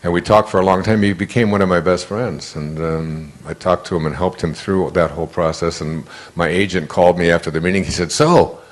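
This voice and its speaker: A man giving a motivational talk in a conversational, animated way. He tells personal stories, acts out the voices he quotes, and often restarts his sentences. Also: deep voice, a little fast, hardly any pauses. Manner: frequent restarts and stammered repeats. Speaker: inspirational speaker.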